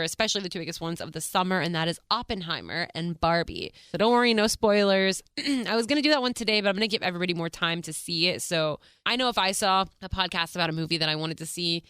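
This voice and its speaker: A woman's voice: fairly low pitch, bright, forceful tone, smooth, no room sound, studio quality. An American woman hosting her own podcast, chatting casually with a bubbly, gushing manner and frequent laughs. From United States. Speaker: podcast host.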